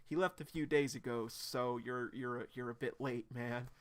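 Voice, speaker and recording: An easygoing young woman, casual and reassuring, who hesitates over her words, as a man quoting her puts her on in his own voice. Her speech is plain, relaxed recap talk. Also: mid-range voice, a little slow, lightly acted. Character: laid-back young woman, friendly and easygoing.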